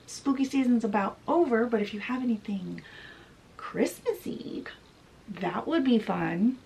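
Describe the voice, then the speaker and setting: A woman's voice: mid-range voice, gravelly, a little mellow, slight background noise, rough recording. A young woman retelling a classic story in a casual, chatty book summary, often saying "like" with light laughs. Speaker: book vlogger.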